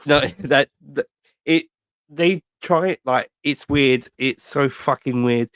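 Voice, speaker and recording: A man chats on a podcast, rambling through stories full of filler words and swearing. His voice is at a middle pitch and sounds dry and close. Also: slow pace, no room sound. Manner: rambling, animated storytelling, heavy swearing, lots of fillers. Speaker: podcast co-host. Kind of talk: casual chat.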